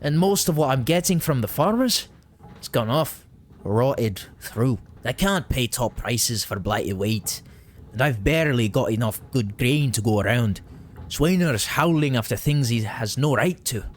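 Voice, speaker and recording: A man's voice: medium pitch, lively intonation, measured pace, slight background noise, natural voice. A man reading game dialogue aloud, voicing a nervous, defensive middle-aged male elf miller in a clumsy put-on Irish or Scottish accent.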